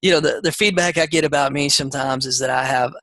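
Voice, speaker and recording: Southern man, sales coach; raised pitch, rambling chatty delivery, forceful tone, dry close recording. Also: fast talker, no echo, poor audio. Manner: rambling, conversational, many fillers and restarts. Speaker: real estate sales coach. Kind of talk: coaching call lecture.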